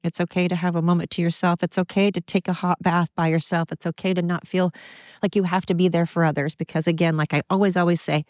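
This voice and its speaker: A woman's voice: fairly low pitch, flat delivery, quick pace, darkish tone, dry recording, highs cut off. A middle-aged woman hosting a confessional solo podcast from home, rambling and apologetic as she talks through her struggles. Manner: rambling, apologetic, openly emotional. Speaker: podcast host.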